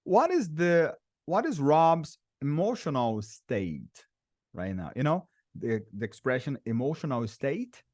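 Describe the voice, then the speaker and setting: A man's voice: on the high side, very animated, darkish tone, no room sound, studio quality. Patient Brazilian man teaching English. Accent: Brazilian Portuguese. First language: Portuguese. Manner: patient, repeats words slowly for students. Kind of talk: online English lesson.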